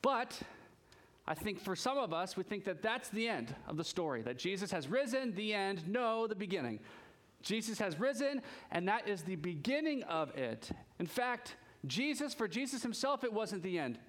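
High-voiced, chatty male pastor. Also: moderate pace. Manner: chatty and animated, jokes with the congregation. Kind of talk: casual conversational sermon.

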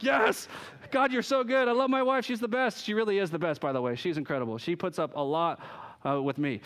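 A man preaching a sermon, telling stories with lively energy and acting out the voices of the people in them. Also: high voice. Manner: animated storytelling, acts out quoted voices. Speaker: pastor.

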